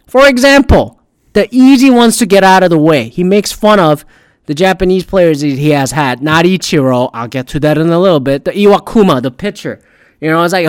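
A sarcastic man rants in crude, swear-laden commentary like a podcast host. His voice sits a little higher than most men's. The sound is dry and close, with almost no room in it. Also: animated, fairly quick, smooth, dry recording. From Pacific Northwest. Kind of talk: profane ranting commentary.

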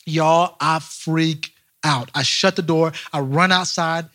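A young man, a pastor, preaching a lively storytelling sermon straight to his congregation. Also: a little high, takes it slowly. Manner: animated, speaks straight to the congregation.

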